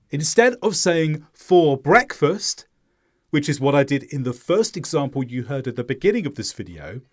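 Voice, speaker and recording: A man with a British accent teaching English pronunciation in a scripted lesson, speaking clearly and slowly demonstrating sounds. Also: a little high.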